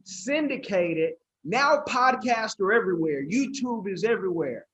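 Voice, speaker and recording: A man hosting a podcast, asking a guest casual, halting questions. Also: high voice, expressive, a bit bright. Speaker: podcast host. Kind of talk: conversational interview questions.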